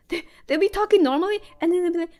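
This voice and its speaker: A woman's voice: very high-pitched, fast talker, darkish tone. A young American woman chatting casually on a live stream while she draws, rambling and giggling with lots of fillers.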